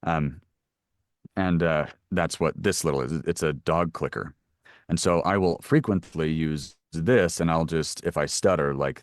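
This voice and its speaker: A man with a very low voice talks through his narration work in an unhurried, explanatory way, pausing often with fillers. The sound is dry and close, with no room around it. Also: dry recording. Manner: thoughtful, explains at length with many fillers. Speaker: audiobook narrator. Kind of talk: conversational interview answers.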